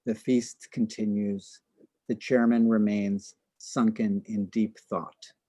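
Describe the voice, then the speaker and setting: A man reading his own verse translation aloud in a measured, deliberate way. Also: fairly low pitch, level tone, warm tone, no room sound.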